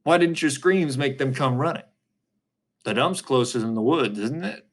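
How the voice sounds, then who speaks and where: A methodical middle-aged defense lawyer, voiced by a man reading the story, asking measured, probing questions. The delivery is level and patient, in the reader's own mid-range voice. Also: mid-range voice, lively intonation.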